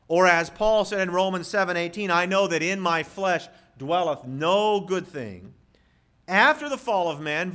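A man preaching a sermon as a pastor, emphatic, with dramatic pauses and rhetorical questions. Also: high voice, bright, forceful tone.

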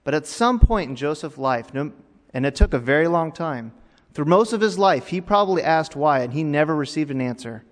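A male pastor delivers a sermon in a fairly high voice, dropping to near-hushed tones and then rising into emphatic, louder passages. His words ring out with a long reverb, as if recorded in a large church hall. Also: lively intonation, fairly quick. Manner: dramatic preaching that swings between hushed and raised.

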